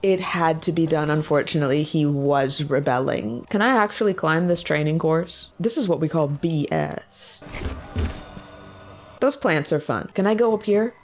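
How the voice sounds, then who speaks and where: Gaming creator, female, excitable and joking, with a very lively, bouncing pitch. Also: slight background noise. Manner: excitable and joking, quick exclamations. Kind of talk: casual gameplay commentary.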